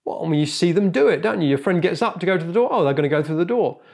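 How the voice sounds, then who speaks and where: Brief: male pastor, high voice, animated, earnest delivery. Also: very fast, creaky. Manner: earnest and animated, with frequent repeated words. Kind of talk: sermon.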